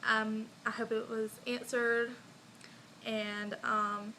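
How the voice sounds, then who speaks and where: A woman's voice: fairly high pitch, flat delivery, slow pace, bright, forceful tone, a little hiss or hum, poor audio. A young woman vlogger telling a personal story in a casual, chatty way, full of likes and ums and small laughs.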